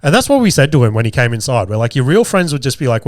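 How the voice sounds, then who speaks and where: An Australian man in his thirties tells a story on his podcast in a loose, animated way and swears freely. His voice sits at an ordinary middle pitch. The sound is dry and close, with no room echo. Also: rapid-fire. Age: 30s. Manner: swears constantly, animated and laughing while telling stories. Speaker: podcast host. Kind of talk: casual storytelling. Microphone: camera with podcast mic.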